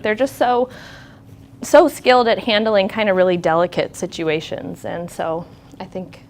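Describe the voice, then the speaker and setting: A woman nurse giving a candid, conversational talk to an audience, telling stories from her clinic work in a reflective way. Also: medium pitch.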